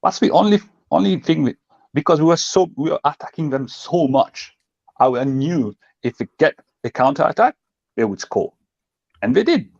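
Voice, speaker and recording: A man's voice: fairly high pitch, expressive, normal speed, gravelly, darkish tone, no room sound, lo-fi sound. A man co-hosting a football fan show, talking passionately and emphatically in casual chat and acting out what others say. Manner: passionate, emphatic, acts out quotes.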